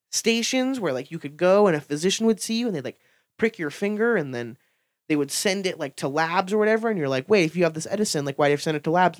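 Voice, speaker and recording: Excitable young man ranting, dry sound. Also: a little high, no echo. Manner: profane, filler-heavy, excitable storytelling. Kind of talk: casual rant.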